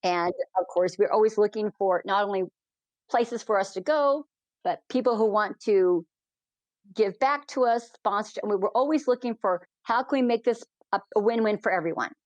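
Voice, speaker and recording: A woman balloon pilot telling heartfelt stories as a guest in an interview, animated and quick in bursts. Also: mid-range voice, dry recording. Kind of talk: emotional storytelling in a podcast interview.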